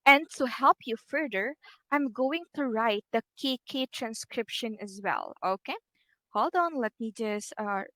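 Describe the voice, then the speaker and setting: A woman teaching a one-on-one online English lesson, patient and encouraging, repeating words slowly for her student and talking through what she does on screen with small fillers. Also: on the high side, dry recording.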